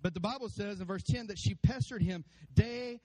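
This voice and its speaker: A man preaching a sermon to his church, animated, acting out voices and calling out to the congregation. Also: high-pitched, moderate pace, low-quality recording. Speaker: pastor. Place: church sanctuary.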